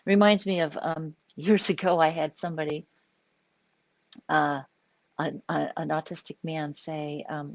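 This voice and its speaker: A woman's voice: low voice, little pitch movement, measured pace, no echo. An older woman, a psychologist, talking informally in a live stream, explaining ideas and often checking in with "right?". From US Pacific Northwest. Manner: conversational, explaining with frequent "right?" check-ins.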